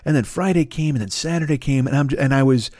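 A man in his fifties talks alone into a plugged-in podcast mic at home, rambling and profane, with constant restarts and asides. His voice sits at an ordinary middle pitch. The sound is dry and close, with no room echo. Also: quick pace, a little mellow. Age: 50s. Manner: rambling, profane, self-mocking, with many restarts and fillers. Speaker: podcast host. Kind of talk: solo late-night podcast rant. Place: home, at a desk with a laptop. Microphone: plugged-in podcast microphone.

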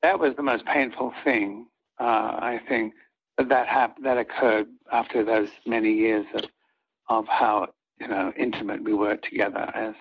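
Older male actor guest, earnest halting storyteller, dull lo-fi sound. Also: lowish voice, fairly even intonation, breathy edge. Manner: earnest, halting, with many restarts. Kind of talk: reflective storytelling in an interview. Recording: dull lo-fi audio.

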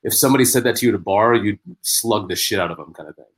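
A male comedian chats as a podcast guest, talking quickly. His voice sits fairly low. He tells stories in an animated way and often restarts his sentences. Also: slightly rough. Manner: animated storyteller, many restarts. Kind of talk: casual podcast chat.

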